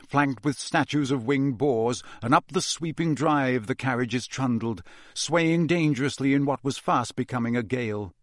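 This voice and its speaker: A man narrating a fantasy novel as an audiobook in a measured storytelling manner. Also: mid-range voice, no room sound, clean studio sound. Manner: measured, even storytelling delivery.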